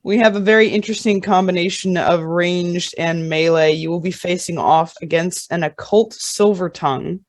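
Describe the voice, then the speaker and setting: A game master teases the players as they reveal the evening's foes. The voice sits at a middle pitch with a dry, close sound. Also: fairly even intonation, normal speed, hardly any pauses, no echo. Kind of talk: casual tabletop game chat.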